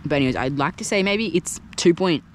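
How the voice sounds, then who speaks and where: A man casually talking through a fishing trip on the water, chatty and excitable, recorded on an action camera. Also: fairly high pitch, fairly quick, a little hiss or hum. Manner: chatty, excitable, thinks aloud. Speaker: fishing vlogger. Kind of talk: casual narration while fishing.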